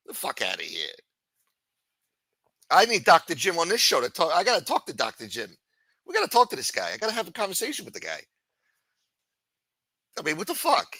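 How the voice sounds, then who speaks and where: A male livestream host rants in a sarcastic, profanity-laced tirade. His pitch swings widely and his tone is bright and cutting. The sound is close and dry. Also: huge pitch swings, fairly quick, no room sound, poor audio. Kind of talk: ranting livestream commentary.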